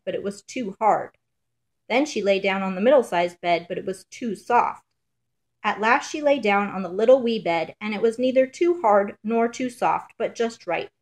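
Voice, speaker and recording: A woman reading a children's fairy tale aloud in a measured, rhythmic storybook manner. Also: medium pitch.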